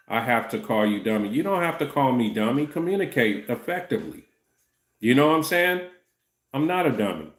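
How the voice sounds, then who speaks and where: A man in his fifties hosts a laid-back livestream and answers the chat as he goes. His voice sits at an ordinary middle pitch, and he often stumbles and restarts. The sound is echoey, as if the room around him bounces it back. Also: a bit bright. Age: 50s. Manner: loose, repeats "you know what I'm saying", stumbles and restarts.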